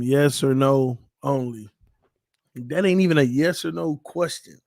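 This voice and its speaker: A man's voice: mid-range voice, unhurried, gravelly, darkish tone, dry recording, studio quality. A man hosting a fan channel livestream in casual chat, a little tipsy, playful and rambling, laughing often.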